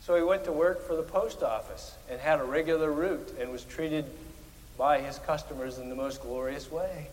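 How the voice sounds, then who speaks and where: A man preaching a Presbyterian sermon, animated, with emphatic rises on key words. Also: fairly high pitch, normal speed, in a large hall, slight background noise, rough recording. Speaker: pastor.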